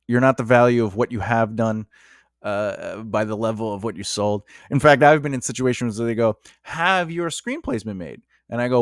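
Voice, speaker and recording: A man's voice: medium pitch, dry recording, clean studio sound. A male screenwriter talking casually to camera, giving advice on writing and acting out little exchanges as he goes. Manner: conversational, acts out quoted exchanges.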